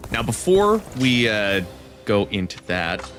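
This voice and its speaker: A man with a somewhat low voice hosts a casual game playthrough, joking and correcting himself as he goes. His commentary is playful and loose. Loud game music plays underneath him. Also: sing-song, takes it slowly. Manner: jokey, self-interrupting, playful. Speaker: let's play host. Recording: game music playing loudly.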